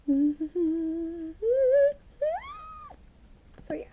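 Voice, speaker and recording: A woman's voice: sits high, lively intonation, unhurried, pauses often, slight background noise. A young woman chatting in a rambling, self-mocking way while doing her hair and makeup for a phone video vlog. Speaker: vlogger. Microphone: phone camera. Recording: dull lo-fi phone recording.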